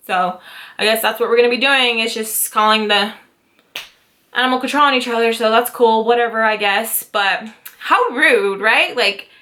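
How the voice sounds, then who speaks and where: A woman in her twenties telling a story to camera in a casual vlog, animated and dramatic, with swearing and acted-out quotes. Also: fairly high pitch. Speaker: YouTube storyteller, mother.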